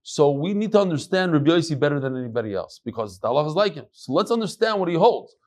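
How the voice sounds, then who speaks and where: Animated middle-aged rabbi teaching Talmud. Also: male voice, on the high side, fast. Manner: animated, jumps between quoting Aramaic and chatty English. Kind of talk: Talmud lecture with casual asides.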